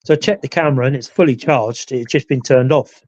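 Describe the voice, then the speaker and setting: A ghost hunter who's a regular on a live chat show talks fast as he rambles through an investigation, with many "you know" asides. His mid-range voice is a little mellow, and the lo-fi recording has no echo.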